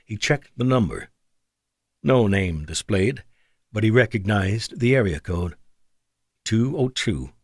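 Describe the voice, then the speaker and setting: Expressive male audiobook narrator, dry sound. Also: mid-range voice, no echo.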